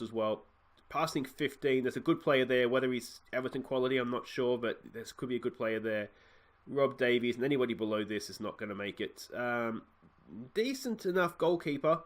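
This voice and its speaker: A man with an Australian accent hosting a game let's play, talking chattily with excitable, self-mocking asides. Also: medium pitch. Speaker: gaming channel host.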